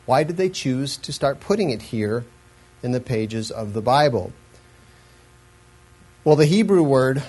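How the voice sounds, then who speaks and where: A man's voice: mid-range voice, darkish tone, slightly rough, low-quality recording. A man giving an earnest, explanatory Bible lesson in a sermon style, with asides and frequent restarts. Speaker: Bible teacher.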